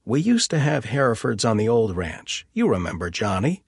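A man's voice: on the low side, very animated, normal speed, gravelly, husky, dry recording, studio quality, heavily acted. A man voicing an enthusiastic, long-winded rancher in a storybook reading. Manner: chatty, enthusiastic, over-explaining.

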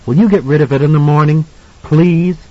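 A man voicing a frightened young mother with a husky, anxious and pleading manner, at times near-hysterical. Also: fairly high pitch, a little fast, no echo, highs cut off, pitched above the performer's own voice, lightly acted.

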